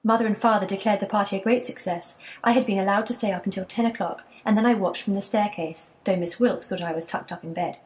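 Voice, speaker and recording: A woman voicing a wistful elderly grandmother in a children's storybook, soft and reminiscing. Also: mid-range voice, fairly even intonation, quick pace, few pauses, lightly acted.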